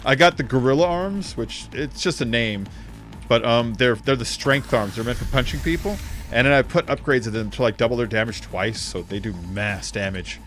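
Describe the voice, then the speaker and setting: A young man streaming a video game, chatting in a rambling, excitable way and swearing freely. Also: medium pitch, moderate pace, faint music behind. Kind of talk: casual gaming commentary.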